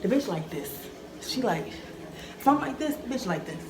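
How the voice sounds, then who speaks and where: Animated young woman telling a story. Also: fairly high pitch, a little slow, heavy background noise. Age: 20s. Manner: animated, profane storytelling with sound effects. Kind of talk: casual storytime.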